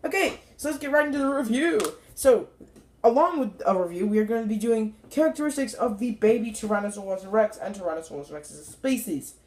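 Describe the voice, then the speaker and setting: A woman's voice: a little high, expressive, a little fast, a little mellow. Playful rambling woman reviewing a toy. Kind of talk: casual review talk to camera.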